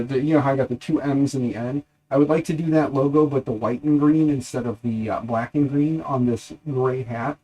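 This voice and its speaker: Male streamer, mid pitch, rambling and thinking aloud while he works at his bench. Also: dark tone. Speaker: livestream host. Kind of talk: casual livestream chat while tinkering.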